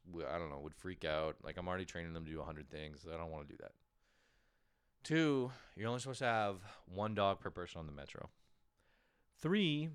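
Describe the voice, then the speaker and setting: A man's voice: low-pitched, clear, resonant tone. A man hosting a casual comedic monologue from home, rambling, self-mocking and swearing freely. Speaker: podcast host.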